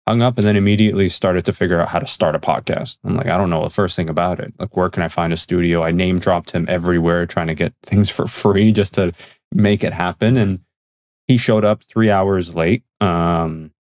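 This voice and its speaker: Deep-voiced man telling an earnest story. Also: steady tone, fairly quick, a little mellow, dry recording, studio quality. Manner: earnest, reflective, acts out quoted dialogue. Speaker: podcast guest and magazine editor. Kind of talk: conversational storytelling on a podcast.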